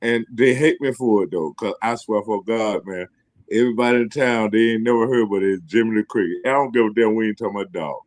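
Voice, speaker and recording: Deep-voiced male guest, rambling and profane, dry close sound. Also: fast talker, darkish tone, no room sound. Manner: loose, profane, repeats himself, laughs often. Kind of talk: casual rambling chat.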